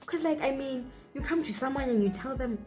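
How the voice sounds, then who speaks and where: A woman's voice: sits high, fairly quick, darkish tone, faint music behind. A young woman from Botswana with a Botswana accent, telling a personal story on her vlog in a chatty way full of fillers. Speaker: YouTuber.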